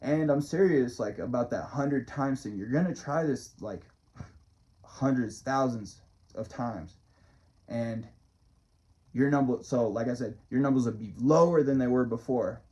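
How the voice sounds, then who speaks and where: Mellow, loose-talking man, dull lo-fi sound. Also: medium pitch, measured pace. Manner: loose, profane, chuckling often. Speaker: motivational vlogger and musician. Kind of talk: casual rambling monologue.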